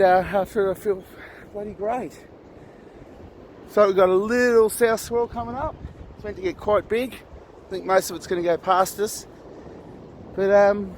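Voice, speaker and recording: A laid-back Australian man rambles on a beach vlog, his voice sitting a little high, dropping casual swear words. He is recorded outdoors on a handheld phone, with faint outdoor noise and passing traffic behind him. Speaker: vlogger.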